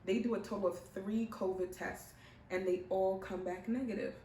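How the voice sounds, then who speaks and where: A young pregnant woman telling her own story in a casual, animated way, putting on other people's voices as she goes. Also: mid-range voice, moderate pace, a little hiss or hum. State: heavily pregnant. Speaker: vlogger. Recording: roomy, mic at a distance, faint ambience.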